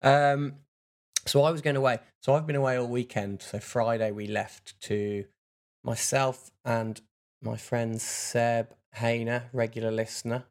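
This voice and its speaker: A man co-hosting a podcast, chatting in a relaxed, easygoing way. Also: medium pitch, a little slow. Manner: relaxed, laughs along, easygoing. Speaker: podcast co-host. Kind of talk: casual chat.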